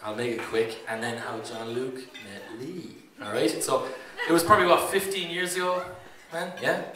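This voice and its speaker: A man's voice: mid-range voice, normal speed, crowd noise. Joking Irish best man, far off. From Ireland. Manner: joking and rambling, laughing often. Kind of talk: wedding toast speech. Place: wedding reception venue. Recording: roomy echo, distant mic, background noise.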